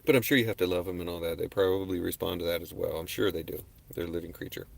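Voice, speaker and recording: Gravelly laid-back man rambling on a livestream. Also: deep voice, fairly even intonation, rapid-fire. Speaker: livestream host. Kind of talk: casual livestream talk. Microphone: webcam on a desk.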